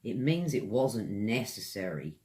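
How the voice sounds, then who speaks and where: This online English teacher has a British accent and a lowish, darkish voice that's very animated. He enunciates each word in a slow, drawn-out way, pausing between examples to chat with viewers.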